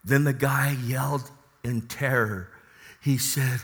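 A male pastor preaching a sermon who swings from quiet storytelling to loud, joyful exclamations. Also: medium pitch, fairly even intonation, slow, husky, big-room sound.

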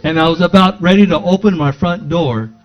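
Male preacher, slightly high voice, animated storytelling sermon, dull lo-fi sound. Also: brisk, a little hiss or hum. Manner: animated, acts out dialogue in his stories. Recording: dull lo-fi recording.

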